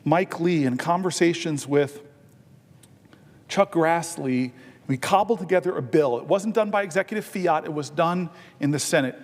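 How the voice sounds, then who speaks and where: A senator giving an impassioned floor speech, telling stories and building to emphatic, drawn-out stresses. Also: male voice, on the high side. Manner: earnest storytelling that swells into emphatic, drawn-out stresses. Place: large legislative chamber. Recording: long reverb of a large chamber.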